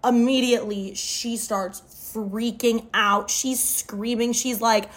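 A young woman tells a wild personal story to the camera in a storytime vlog, retelling it dramatically and saying "like" a lot. Her voice is fairly high, and she speaks slowly with hardly any pauses.

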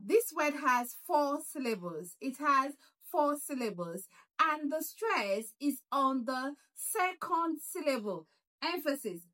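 Slow, bright-voiced woman teaching pronunciation. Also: high-pitched. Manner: repeats words slowly with emphatic stress. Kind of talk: slow, deliberate pronunciation lesson.

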